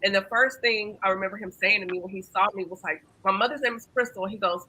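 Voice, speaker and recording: A woman's voice: mid-range voice, quick pace, pushed and bright, husky, rough recording. A woman hosting a panel discussion, earnestly telling a personal story with frequent ums and restarts. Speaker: host and facilitator.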